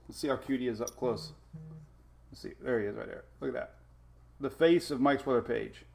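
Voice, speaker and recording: A man's voice: medium pitch, animated, a little fast, creaky. A man hosting a casual weather live stream from home, rambling as he reads out viewer names and talks to his puppies. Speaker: weather show host.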